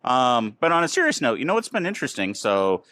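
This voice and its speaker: A man's voice: mid-range voice, very animated, fairly quick, sharp tone, dry recording. An American man hosting a casual podcast chat, telling rambling stories full of ums and uhs. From United States. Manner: rambling, filler-heavy storytelling. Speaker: podcast host. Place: outdoors near a train station.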